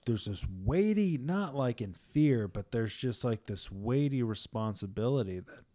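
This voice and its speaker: A man's voice: medium pitch, lively intonation, unhurried, mellow. A young man in a casual faith conversation, earnest and emphatic, often repeating words as he builds a point.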